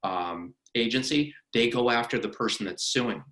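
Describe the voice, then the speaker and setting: A middle-aged male attorney gives a workplace training in a lively, conversational way, now and then playing out courtroom questions. His voice is crisp and bright. The room carries a clear echo. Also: medium pitch, moderate pace. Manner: animated, acts out courtroom questioning. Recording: roomy echo of a meeting room.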